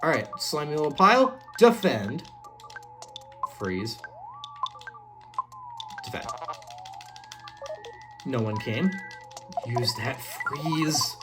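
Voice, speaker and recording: Brief: woman gamer host, low and unhurried, swooping pitch, chatty let's play talk over game music. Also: very animated. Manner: casual, chatty, reacting to the game as she plays. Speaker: gaming channel host. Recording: game music playing underneath.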